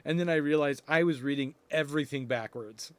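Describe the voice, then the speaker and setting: A man's voice: fairly high pitch, fairly quick, no echo. A man co-hosting a comics podcast in casual chat, congested, enthusiastic and chatty. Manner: enthusiastic, chatty, laughs often. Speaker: podcast co-host.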